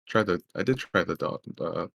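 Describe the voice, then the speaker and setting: A man's voice: deep voice, moderate pace, vocal fry, fairly bright tone, no room sound, studio quality. A man playing a tabletop role-playing game, talking in a hesitant way with lots of fillers and tag questions. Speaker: player. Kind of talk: tabletop role-play as a player.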